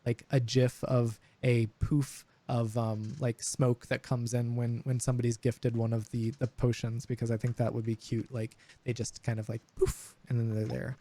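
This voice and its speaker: A man's voice: mid-range voice, flat delivery, moderate pace, hardly any pauses, dark tone. A young man running a tabletop game as dungeon master, chatting casually with many fillers and restarts. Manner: rambling, frequent fillers and restarts. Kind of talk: casual chat over voice call.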